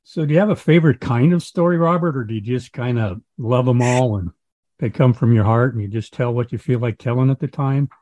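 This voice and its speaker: A man interviewing a guest in a relaxed, curious way. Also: mid-range voice, a little fast, no echo. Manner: easygoing, curious. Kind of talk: casual interview.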